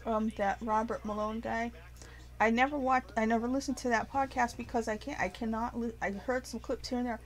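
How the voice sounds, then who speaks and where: A woman ranting casually to her viewers, animated and profane, rambling with frequent restarts. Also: a little high, brisk, poor audio. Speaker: vlogger. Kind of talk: casual rant to camera.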